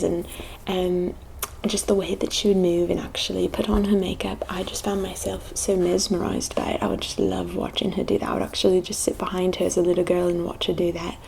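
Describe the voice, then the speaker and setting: A woman from the United States speaking in a put-on British accent, telling a personal story in a soft, whispered ASMR delivery with many hesitant pauses. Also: mid-range voice, vocal fry, slight background noise, poor audio. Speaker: ASMR channel host.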